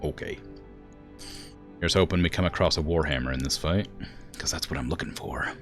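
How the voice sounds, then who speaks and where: Deep-voiced chatty gaming streamer. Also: male voice, moderate pace, soft background music. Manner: chatty, laughs often. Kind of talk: casual game commentary.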